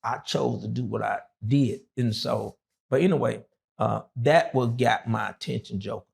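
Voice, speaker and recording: A man's voice: mid-range voice, normal speed, darkish tone. A middle-aged man, an interview guest and former prisoner, telling his story in a loose, rambling way full of fillers. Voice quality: gravelly.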